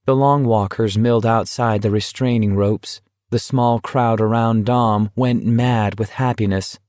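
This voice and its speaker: A man reading an audiobook as its narrator in a steady, even manner. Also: lowish voice, unhurried, hardly any pauses, no echo, clean studio sound. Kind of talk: scripted narration.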